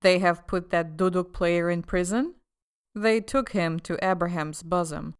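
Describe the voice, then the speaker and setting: A cold, scheming male official from an audiobook who mocks as he threatens, as a woman reader puts him on. His voice sits fairly low and sounds smooth and resonant. Every word carries sly force. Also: fairly even intonation, measured pace. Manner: sly, half-mocking, forceful. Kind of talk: audiobook character voice.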